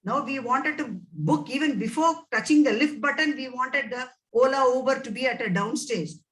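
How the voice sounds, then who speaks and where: A woman's voice: sits high, normal speed, fairly bright tone, recorded from a distance, low-quality recording. A woman with an Indian English accent answering webinar questions as a nutrition scientist, emphatic and advising, repeating words for stress.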